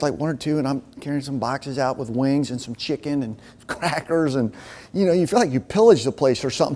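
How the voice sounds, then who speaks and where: A men's ministry speaker with a fairly high, darkish-toned voice preaches to a men's group in an easy, conversational manner. His sermon runs on personal stories, and he acts out the back-and-forth dialogue of each conversation.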